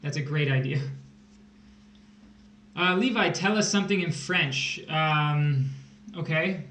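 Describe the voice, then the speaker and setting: A man's voice: a little high, slow pace, bright, forceful tone. A man tutoring test prep on a casual livestream, joking and rambling as he explains math. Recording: echoey room, faint hiss.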